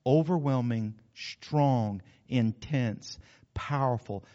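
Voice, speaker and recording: Folksy preacher in a big hall. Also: male voice, mid-range voice, slow pace. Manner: folksy, animated, asks the congregation questions. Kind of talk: sermon. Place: church hall. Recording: dull sound, long hall reverb.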